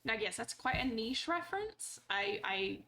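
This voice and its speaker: Woman, streamer, high-ish and gravelly, cheeky casual commentary, noisy recording. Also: sing-song, moderate pace, bright, forceful tone. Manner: playful, chatty, talks to game characters, swears casually.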